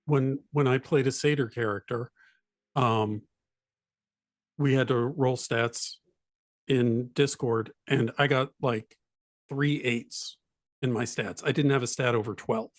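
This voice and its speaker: A man's voice: mid-range voice, fairly even intonation, takes it slowly, pauses often, no echo, clean studio sound. A man in a casual panel chat, explaining in a thoughtful way how he plays characters.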